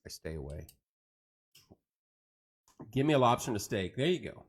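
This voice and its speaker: Animated middle-aged man chatting casually. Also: medium pitch, normal speed, slightly rough. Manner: joking, rambling, animated storytelling. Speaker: host of a live chat show. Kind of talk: casual live-stream chat reading viewer comments.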